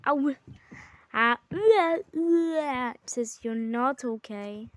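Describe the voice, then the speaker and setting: A high-voiced woman chats through a game with her sibling, exclaiming and bickering. She talks at an unhurried, drawn-out pace even when she gets excited. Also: dry recording. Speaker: gamer. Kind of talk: casual gaming chat with a sibling.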